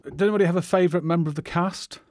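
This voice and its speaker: A man's voice: high voice, racing, a little mellow, dry recording, studio quality. A man hosting a casual film podcast, steering the talk with hesitant asides. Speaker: podcast host.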